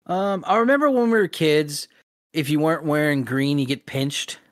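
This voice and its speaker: A man's voice: on the high side, normal speed, no room sound, studio quality. A man hosting a casual podcast, rambling easily and laughing often. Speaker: podcast host. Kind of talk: casual chat.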